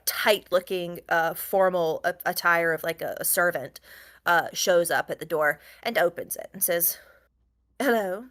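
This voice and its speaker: A woman with a fairly low voice leads a tabletop game as game master. She rambles through her narration with plenty of fillers and laughs along the way. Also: a bit bright.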